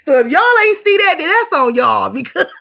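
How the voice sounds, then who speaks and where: A woman hosting a casual livestream, talking candidly to viewers and reading their comments, rambling and animated. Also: high-pitched, brisk, vocal fry. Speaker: livestream host. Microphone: streaming mic. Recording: dull lo-fi stream audio.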